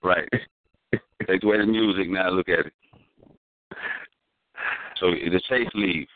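Man, deep voice, fast slangy storytelling, dry tinny phone-like sound. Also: steady tone. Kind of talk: casual conversation.

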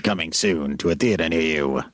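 A man's voice: a bass voice, a little fast, no echo. A man co-hosting a podcast, chatting in an easygoing way. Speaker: podcast co-host. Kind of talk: casual podcast banter.

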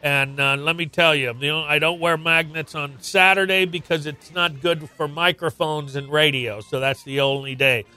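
A man's voice: a little high, fairly even intonation, normal speed, few pauses, bright, forceful tone, clean tone, faint music behind. A man hosting a radio show, talking casually and chattily with many fillers. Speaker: radio host.

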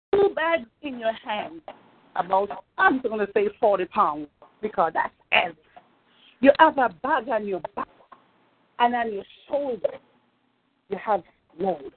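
A woman's voice: a little high, sing-song, slow, pauses often, slight background noise. Lady pastor preaching hard, tinny phone sound. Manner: fervent, repeats phrases, calls out praise. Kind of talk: sermon over a phone line.

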